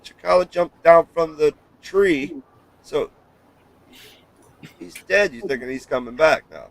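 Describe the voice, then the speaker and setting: A man co-hosting a livestream chat, excitable and laughing often. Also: on the high side, unhurried, gravelly, no room sound. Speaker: co-host.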